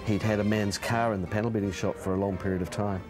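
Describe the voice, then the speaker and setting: A man's voice: lowish voice, steady tone, quick pace, music in the background. Chuckling New Zealand man telling pub stories. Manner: chuckling, brash storyteller. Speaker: interviewee, former tabloid consumer reporter. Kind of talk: casual anecdotal interview.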